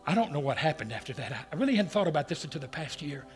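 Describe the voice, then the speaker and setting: A man telling a personal story in a dramatic way, moving between hushed lines and loud ones. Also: fairly high pitch, big pitch swings, rapid-fire, faint music behind. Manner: dramatic, swings from hushed to shouting. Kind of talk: storytelling talk.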